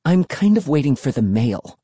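A man's voice: medium pitch, sing-song, moderate pace, mellow, husky. A man voicing a reluctant teenage girl who whines and complains in a storybook reading. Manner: whining, complaining.

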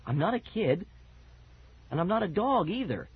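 Man doing a jumpy worried kid chipmunk, high voice, lively, muffled tape. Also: moderate pace, breathy edge, heavily acted. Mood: anxious. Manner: anxious, pleading. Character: startled young boy turned chipmunk. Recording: dull old cassette audio.

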